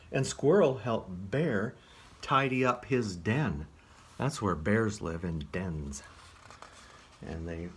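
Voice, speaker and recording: A man reading a picture book aloud as a children's librarian, gently asking the listener questions. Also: lowish voice, slight background noise.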